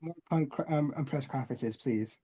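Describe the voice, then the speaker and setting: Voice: mid-range voice, normal speed, mellow, slightly rough. A podcast co-host making short, laughing remarks in casual chat.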